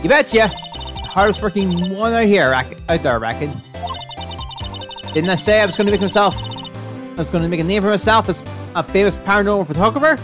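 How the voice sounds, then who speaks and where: A woman's voice: medium pitch, brisk, pauses often, over music, voice pushed up, close to an everyday voice. A woman voicing a brash, pushy woman photographer from a video game, with a put-on Southern drawl and folksy, boastful talk.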